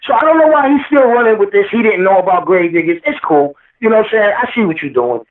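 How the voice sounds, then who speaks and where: A rapper guest speaks fast and animatedly in a high-pitched voice during an impassioned interview. He preaches, cites scripture, and hammers his points through repetition, all heard over a distant, echoey phone line.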